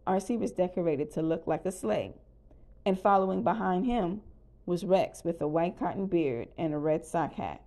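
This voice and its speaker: A woman calmly narrating a children's storybook read-aloud. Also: on the low side, moderate pace. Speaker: storybook reader.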